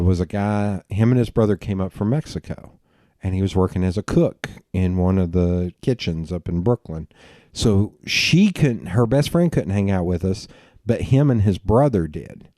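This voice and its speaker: Low mellow Southern man. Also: no echo, studio quality. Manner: rambling, animated anecdotes. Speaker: podcast host. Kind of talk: casual storytelling conversation.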